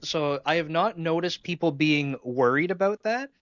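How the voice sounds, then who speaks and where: A man's voice: a little high, expressive, normal speed, fairly bright tone, no room sound. A man from Canada with a Canadian accent, hosting an interview in an easygoing way and thinking aloud with restarts. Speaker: podcast host. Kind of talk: casual interview conversation. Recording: muffled, dry lo-fi mic.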